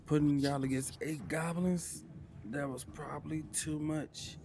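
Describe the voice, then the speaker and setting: A man's voice: on the high side, fairly even intonation, a little slow, a little mellow, slight background noise. A man, narrating a tabletop game as game master in a casual way, sighing and muttering to himself.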